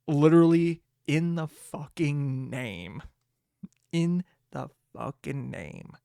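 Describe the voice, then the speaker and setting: A man hosting a casual solo podcast, with a voice a bit higher than usual and a dry, close sound. He rambles, swears freely and often laughs. His pitch jumps suddenly when he gets worked up. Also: slow pace, vocal fry, dark tone, dry recording. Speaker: podcast host.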